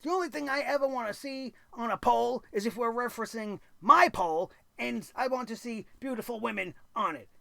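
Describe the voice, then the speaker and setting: A man's voice: very high-pitched, brisk, gravelly, few pauses, pushed and bright, no room sound. A man reviewing a wrestling show in a blunt, crude, exasperated rant full of sarcastic asides. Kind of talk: opinionated recap rant.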